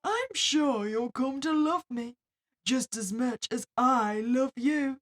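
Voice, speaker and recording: A woman voicing a calm, quietly controlling male psychiatrist obsessed with his patient, reading a horror visual novel aloud. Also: high-pitched, slow. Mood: possessive.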